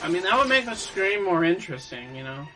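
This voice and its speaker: A man's voice: high-pitched, big pitch swings, quick pace, over music, rough recording. A man joking and teasing his friends on a casual voice call. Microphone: voice call mic.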